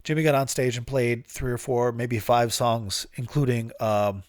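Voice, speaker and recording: A man's voice: medium pitch, fairly even intonation, normal speed, no echo. A man hosting his own podcast in a rambling, profane, self-mocking way, laughing often and fighting a dry cough. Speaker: podcast host. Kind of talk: casual solo podcast talk. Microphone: studio podcast mic.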